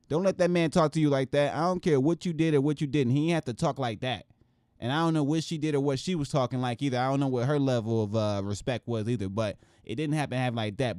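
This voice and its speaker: A man's voice: on the high side, clear, resonant tone, no room sound, studio quality. Profane joking male news-reaction host. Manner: profane, joking, animated rants. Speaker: show host. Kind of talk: casual commentary reacting to news clips.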